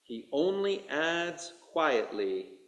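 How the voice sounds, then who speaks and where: A man, a rabbi, tells a story from the pulpit at an unhurried pace, his fairly high voice rising and falling with lively swings. The sound carries the echo of a roomy sanctuary around him. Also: dull audio. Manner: slow, expressive storytelling with voiced dialogue. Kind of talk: story read aloud in a sermon. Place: synagogue sanctuary. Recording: echoey room.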